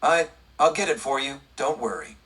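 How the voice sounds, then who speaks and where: A man's voice: medium pitch, very animated, normal speed, a bit bright, slightly rough, distant mic. A man voicing a nervous young male outlaw who stammers, in an audiobook western.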